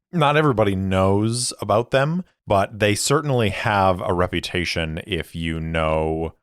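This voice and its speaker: Man narrating a solo tabletop game, calm and deliberate, deep and unhurried. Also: no echo, clean studio sound. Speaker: game master and solo player.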